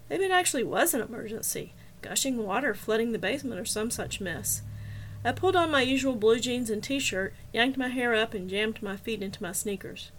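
A woman narrating a story in the first person, steady and even. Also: mid-range voice. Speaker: audiobook narrator.

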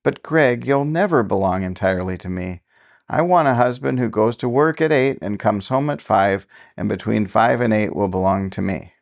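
A man's voice: on the low side, moderate pace, creaky. A man voicing a young newlywed woman, a pastor's wife, speaking in a raised, pleading tone. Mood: indignant.

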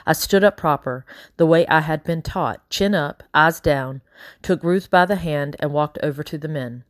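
Low-voiced woman narrating an audiobook. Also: normal speed, no echo, clean studio sound. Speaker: audiobook reader. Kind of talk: first-person audiobook narration.

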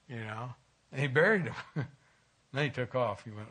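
A man's voice: mid-range voice, normal speed, sharp tone, husky. A middle-aged man giving an informal, conversational sermon at a church, folksy and chuckling at times as he tells stories. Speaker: church speaker.

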